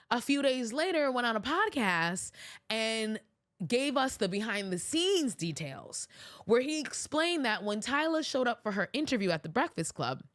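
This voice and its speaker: A young woman hosts her podcast in a casual, heated style, blunt and often profane, and she doubles back and repeats herself for emphasis. Her voice sits fairly high for a woman and sounds close and dry, with almost no room around it. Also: a bit bright, dry recording. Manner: emphatic, with frequent restarts. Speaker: podcast host. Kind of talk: casual commentary.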